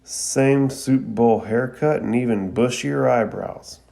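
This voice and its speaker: A man's voice: medium pitch, slow, vocal fry, dark tone. A man doing a brash, mocking young ninja boy.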